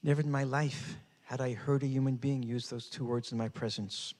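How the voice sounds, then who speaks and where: Here an older man speaks in a mid-range, darkish voice at normal speed, keeping a steady tone with hardly any pauses. He's giving a talk in a hall with long reverb, telling a personal story that grows more dramatic and intense as it goes.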